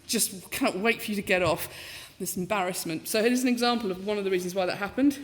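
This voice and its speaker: A woman in her fifties giving a talk as a professor, telling stories in a lively, self-mocking way and acting out the voices she quotes. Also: mid-range voice, quick pace. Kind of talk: storytelling talk with comic asides. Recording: lecture hall with long reverb.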